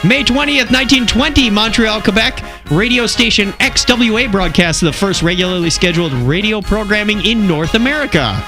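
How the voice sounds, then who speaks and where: A man hosting a casual group podcast chat, reading out history items in a lively way. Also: high voice, moderate pace, few pauses, over music. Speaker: podcast host.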